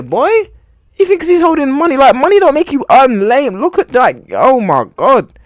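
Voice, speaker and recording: A man's voice: very high voice, wildly swooping pitch, moderate pace, dry recording, clean studio sound. A young man hosting a podcast, reacting to clips with mocking exclamations and muttered asides. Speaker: podcast host. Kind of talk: reaction commentary.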